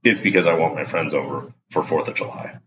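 Excitable rambling deep-voiced man. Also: fairly quick, echoey room, dull audio, crowd noise. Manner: excitable, rambling, self-deprecating. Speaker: podcast host. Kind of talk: casual solo podcast talk.

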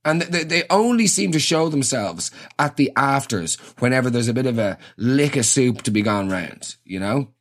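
A man's voice: mid-range voice, animated, normal speed, few pauses. A young Irish man giving a rambling, sweary comic monologue and acting out little scenes.

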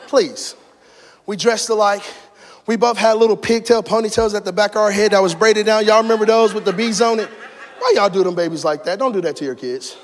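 A man preaching a sermon in a church, moving between shouted passionate peaks and hushed personal storytelling. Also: sits high, long reverb tail. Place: church sanctuary.

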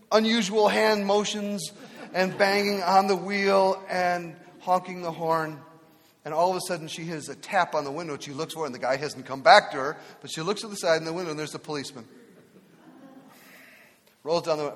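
A man's voice: a little high, fairly even intonation, a little fast, a bit bright. A man preaching a sermon as pastor, telling humorous stories and acting out voices in them. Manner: storytelling, acts out voices in anecdotes. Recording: long hall reverb.

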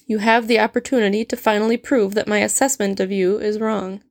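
A woman's voice: mid-range voice, little pitch movement, a little fast, no room sound, clean studio sound, lightly acted. A woman reading a story aloud, voicing a stern, sardonic male potions professor who speaks in a cold, clipped and cutting way. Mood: cold, scornful.

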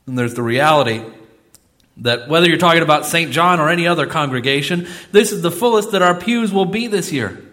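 Middle-aged pastor guy preaching in church, bright tense voice, pitch sits a bit high, gets loud then goes soft. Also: animated, fairly quick. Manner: emphatic preaching, swinging between loud exclamations and soft asides. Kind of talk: sermon. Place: church sanctuary.

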